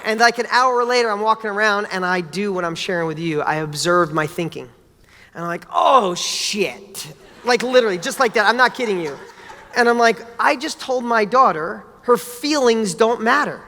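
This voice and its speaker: Male motivational speaker, bright and forceful delivery, casual and blunt with a bit of swearing, recorded in a reverberant hall. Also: high voice, moderate pace. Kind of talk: motivational talk with personal stories.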